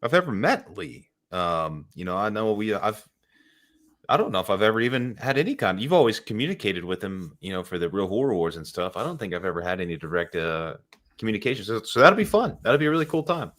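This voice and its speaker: A man's voice: fairly low pitch, sing-song, quick pace, a bit bright. A man co-hosting a casual live stream, laid-back and trailing off with fillers. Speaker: co-host of a movie watch party stream.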